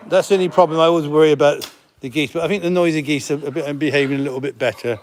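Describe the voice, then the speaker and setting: A chatty middle-aged man with a slightly high voice, talking casually outdoors on a farm. He giggles and slips into cooing baby-talk for the animals. Chickens and birds cluck in the background. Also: fairly even intonation, racing, slight background noise. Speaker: farm centre host. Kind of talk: casual live stream chat with animals.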